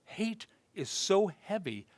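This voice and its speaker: A male minister giving a conversational sermon, telling self-deprecating, humorous stories and swinging between loud bursts and hushed earnest moments. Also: sits high, sing-song, takes it slowly, dry recording.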